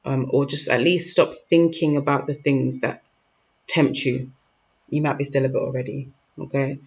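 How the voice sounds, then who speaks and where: A man with a gravelly, mid-range voice gives a casual tarot reading to camera at a normal speed, his pitch barely moving. He's informal and slangy, loosely phrased, sprinkling in "like" and checking in with "okay?" a lot. The recording is dull and lo-fi, with faint noise.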